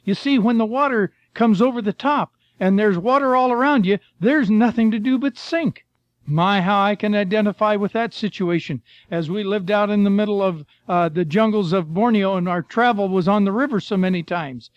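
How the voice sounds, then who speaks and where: A man's voice: high-pitched, normal speed, no room sound, highs cut off. An older man preaching a sermon in a folksy storytelling way, reading Scripture and telling missionary stories. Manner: folksy, storytelling, addresses listeners as folks and friend.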